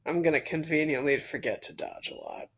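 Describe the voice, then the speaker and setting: A woman's voice: deep voice, huge pitch swings, a little fast, creaky, fairly bright tone, breathy edge. A woman co-hosting a podcast in casual chat, teasing and laughing often. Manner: giggly, teasing. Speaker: podcast co-host.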